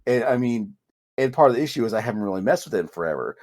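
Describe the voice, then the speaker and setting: A podcast co-host rants in casual conversation, swearing frequently and interrupting himself to restart, his voice leaping up when he gets frustrated. His mid-range voice is animated, racing and a little mellow.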